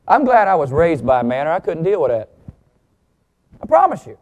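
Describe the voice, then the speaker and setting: Male preacher, sermon with jokes, fairly high voice, lively pitch swings, drawn-out emphasis. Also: lo-fi sound. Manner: slows and stresses key words.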